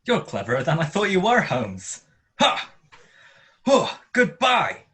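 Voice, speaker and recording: A man's voice: sits high, wildly swooping pitch, slow pace, fairly bright tone, heavily acted. A man playing a sneering unmasked impostor. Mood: mocking. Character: treacherous male impostor unmasked by a detective. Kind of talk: radio drama acting.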